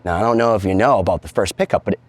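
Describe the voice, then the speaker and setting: A man's voice: lowish voice, very fast, no room sound. A guitar collector telling a story with enthusiasm as he builds to a reveal.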